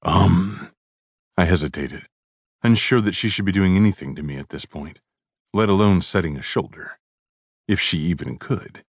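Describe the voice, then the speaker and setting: A man's voice: deep voice, normal speed, long pauses, husky, dry recording. A man narrating a novel in the first person with a dry, sardonic manner. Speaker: audiobook narrator.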